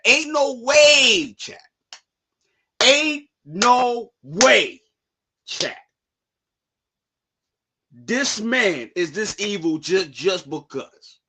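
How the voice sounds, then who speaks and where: A young man on a live reaction stream, talking in slang and breaking into shouted outbursts. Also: high-pitched, husky. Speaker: streamer reacting to a manga chapter.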